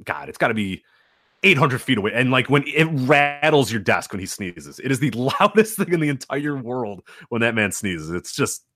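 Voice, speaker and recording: A man's voice: medium pitch, moderate pace, no echo, studio quality. A man co-hosting a wrestling podcast, chatting casually and telling stories with easy laughs. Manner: laughs easily, animated storytelling. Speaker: podcast co-host. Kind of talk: casual chat.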